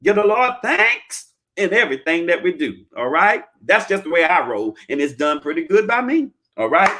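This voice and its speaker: A man with a fairly high voice gives down-to-earth money advice in a folksy, preachy manner. He keeps asking "all right?" and now and then breaks into loud, chanting bursts. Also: big pitch swings, moderate pace, background noise. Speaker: credit repair advisor. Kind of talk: live-streamed advice talk.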